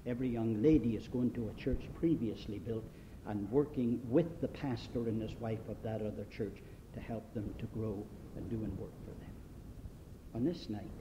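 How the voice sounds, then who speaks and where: Man from britain preaching, tells stories, muffled old tape with a bit of hiss and rumble. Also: moderate pace. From Great Britain. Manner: storytelling, recounting testimonies from a mission trip. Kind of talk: sermon.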